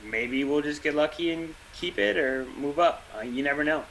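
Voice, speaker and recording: A man talking basketball like a longtime fan, opinionated and quick to rant, with a laugh here and there. His voice is bright and forward, with a faint hiss behind it. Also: on the high side, poor audio. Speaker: podcast co-host. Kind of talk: casual sports chat.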